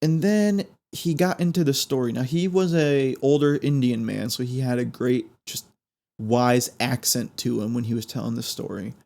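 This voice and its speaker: A man hosting a podcast, telling a story in an animated way that builds suspense. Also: mid-range voice, moderate pace, vocal fry. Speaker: podcast host.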